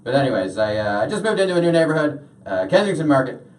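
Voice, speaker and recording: With big pitch swings and a quick pace, a young man's mid-range voice carries his stand-up set, which rambles with many filler uhs. He performs in a small washroom used as a stage, and the echoey room leaves him sounding far away.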